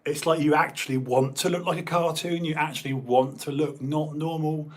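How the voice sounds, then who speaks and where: A man's voice: a little high, steady tone, moderate pace. A man and former bodybuilder, chatting casually in a rambling way, full of fillers and restarts. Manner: meandering, many fillers and restarts. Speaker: former competitive bodybuilder hosting a stream.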